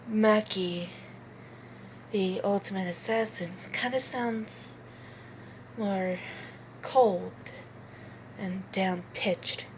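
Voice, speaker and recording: High, hesitant young-sounding woman. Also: sharp tone, a little hiss or hum. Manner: hesitant and giggly, many fillers. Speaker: channel host. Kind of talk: casual voice-acting demo.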